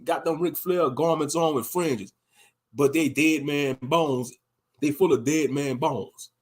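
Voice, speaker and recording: A man's voice: on the high side, a little slow. A man giving impassioned, scolding religious commentary, mocking the people he criticizes. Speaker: online commentator.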